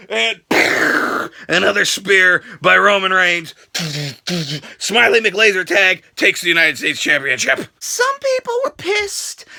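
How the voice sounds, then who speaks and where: A man hosting a comedic wrestling recap vlog, crude and jokey, with sudden shouted outbursts and exaggerated impressions. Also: sits high, gravelly.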